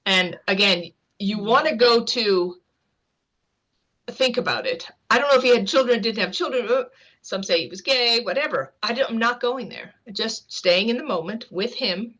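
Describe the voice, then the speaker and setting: A woman's voice: a little high, normal speed. A woman guest on an interview show, vividly recounting a personal experience in a conversational storytelling manner. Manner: vivid, animated anecdote-telling with light laughter. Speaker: guest author.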